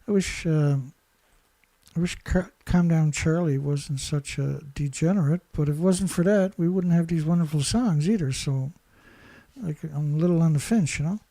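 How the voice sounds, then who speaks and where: A man's voice: fairly high pitch, moderate pace, warm tone, dry recording. A man commentating alone in a sarcastic, mocking way, firing off rhetorical questions, laughing and leaning hard on key words. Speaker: environmental commentator.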